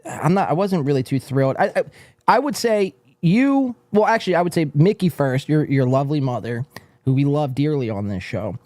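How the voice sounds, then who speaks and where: A man's voice: fairly high pitch, lively intonation, fairly quick, a little mellow, no echo. A man hosting a casual podcast chat, earnest and hesitant, with lots of fillers like "uh" and "you know.". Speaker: podcast host.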